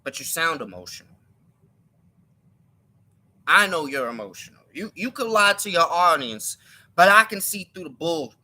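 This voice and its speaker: A man speaks his mind on a live stream, emphatic and insistent. His voice is very bright and sharp, and it sits a little high for a man. He often stumbles, repeating and restarting words as he pushes his point. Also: sing-song, normal speed, long pauses. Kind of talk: live-stream opinion monologue.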